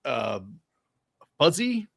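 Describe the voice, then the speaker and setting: A man's voice: fairly high pitch, very animated, extremely slow, vocal fry. A man co-hosting a podcast, laid-back and blunt with casual swearing. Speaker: podcast co-host. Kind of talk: casual chat.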